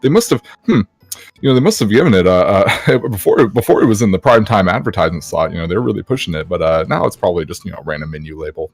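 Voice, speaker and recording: A man co-hosting a comedic podcast, talking quickly with stumbling restarts and mock-dramatic flair. His voice sits a little low, recorded dry and close. Faint music sits behind him. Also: lively intonation, dry recording. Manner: rambling, hesitant, mock-dramatic. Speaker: podcast co-host. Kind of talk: casual comedic storytelling.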